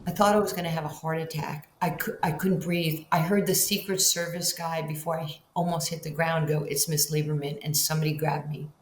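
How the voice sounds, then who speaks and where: An older woman tells stories in an interview, her voice sitting fairly low. She acts out quoted lines with big swings in pitch. The sound carries an echoey room with faint ambient hiss. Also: fairly even intonation, a little fast, few pauses. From Far Rockaway, Queens, New York. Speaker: guest, basketball Hall of Famer. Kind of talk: storytelling in a podcast interview.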